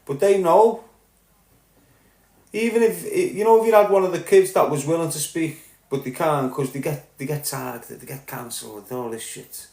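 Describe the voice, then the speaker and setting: A man's voice: fairly high pitch, normal speed, gravelly, darkish tone, echoey room. A man with a Liverpool accent ranting angrily as a podcast host, blunt and full of swearing. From Liverpool, England. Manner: angry, blunt, heavy swearing. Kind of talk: heated ranting monologue.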